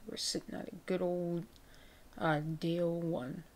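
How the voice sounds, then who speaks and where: A woman with a gravelly voice giving chatty, laid-back, self-mocking commentary over her gameplay. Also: on the low side, little pitch movement, unhurried, a little mellow, a little hiss or hum. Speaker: gaming video creator. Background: background music, keyboard typing.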